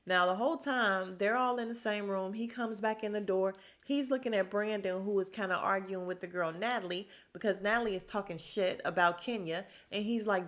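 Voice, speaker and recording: Woman doing a reality tv recap, chatty and slangy, swears a lot, voice jumps way up when she acts out lines. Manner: animated, acts out quotes with big pitch jumps; slangy and candid, with frequent swearing. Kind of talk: casual recap chat to viewers.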